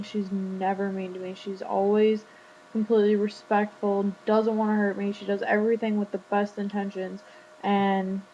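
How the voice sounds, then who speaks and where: A teenage girl tells a story straight to her webcam, stringing it together with "like" and quoted lines. Her voice stays mostly level in pitch. The audio is dull and lo-fi with a faint hum underneath. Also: warm tone. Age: teens. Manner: chatty, retelling a conversation with lots of "like". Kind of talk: casual storytelling vlog.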